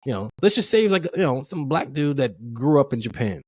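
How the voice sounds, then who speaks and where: A man's voice: mid-range voice, sing-song, a little fast, no room sound. A man from the United States casually telling travel stories on a podcast, rambling and profane, often laughing and acting out his reactions. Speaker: podcast co-host. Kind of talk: casual storytelling chat.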